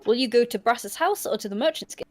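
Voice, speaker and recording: A woman hosting a livestream, reading a choose-your-own-adventure book aloud in an animated way and often laughing. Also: on the high side, fast. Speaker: storyteller and host.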